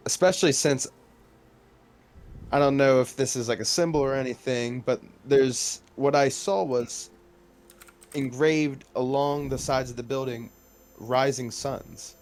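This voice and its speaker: A man's voice: medium pitch, fairly even intonation, unhurried, a little mellow. A man playing a tabletop game, talking casually with stammers and restarts. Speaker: player. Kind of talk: casual tabletop role-play.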